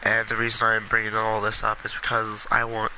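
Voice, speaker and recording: A congested man talking earnestly and with passion in a gaming vlog, with halting restarts. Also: fairly low pitch, completely flat delivery, pushed and bright, a little hiss or hum, rough recording. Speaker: gaming video creator.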